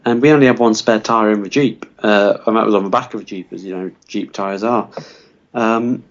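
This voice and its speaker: Deadpan rambling man, lo-fi recording. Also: lowish voice, fairly quick. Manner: rambling, full of fillers, deadpan. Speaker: podcast co-host. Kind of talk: deadpan comic storytelling. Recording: dull lo-fi recording.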